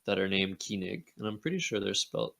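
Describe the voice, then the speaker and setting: A man's voice: on the low side, animated, a little fast, vocal fry, fairly bright tone. A man giving live commentary on a board game match, joking and sarcastic. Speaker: Scrabble commentator.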